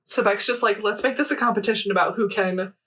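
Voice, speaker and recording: A young woman chatting on a podcast, her voice sitting at an ordinary middle pitch. She rambles animatedly, recounting scenes in quoted dialogue with a constant stream of fillers. She sounds a little distant from the microphone. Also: quick pace, sharp tone. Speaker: podcast co-host. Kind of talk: casual chat recapping a game event.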